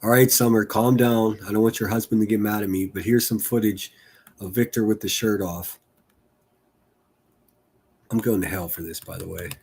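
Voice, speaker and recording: Husky man joking through a live stream. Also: fairly low pitch, fairly even intonation, moderate pace, pauses often, darkish tone. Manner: joking, laughs often, crude teasing humor. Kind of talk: casual live commentary.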